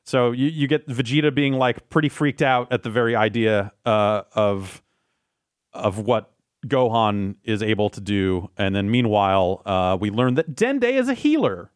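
A man co-hosting a casual anime recap chat, rambling with restarts and swearing, slipping into quick quoted lines. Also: fairly low pitch, animated, dry recording, studio quality. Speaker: podcast co-host.

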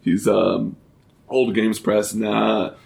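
A young man co-hosting a podcast, talking casually in a halting way with frequent restarts and ums. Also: fairly low pitch, level tone, vocal fry, darkish tone. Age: young adult. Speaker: podcast co-host. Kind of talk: casual chat.

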